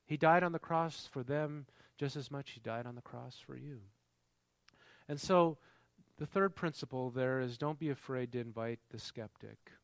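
A man's voice: mid-range voice, normal speed, vocal fry, no echo. Man preaching a conversational sermon. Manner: engaging, quizzes the congregation. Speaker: pastor.

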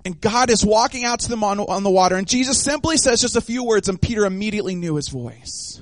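Animated high-voiced male preacher. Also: fast talker, hardly any pauses, no echo. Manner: animated, acts out voices of the disciples and of God. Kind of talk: sermon.

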